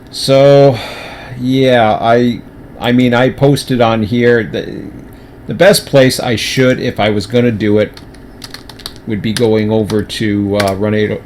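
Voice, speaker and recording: Lowish-voiced guy rambling on a stream, lots of restarts, chewing sometimes, faint ac hum behind. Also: little pitch movement, slow pace, a little mellow. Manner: rambling, many restarts and fillers. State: talking with mouth full. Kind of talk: casual livestream chat.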